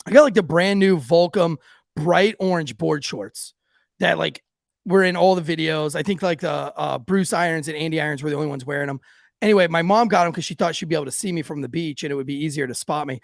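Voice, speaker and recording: A man with a high, gravelly voice tells a rambling, profane story. His speech is full of "like" and loose asides. The sound is dry and close. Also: no echo. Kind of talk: casual storytelling.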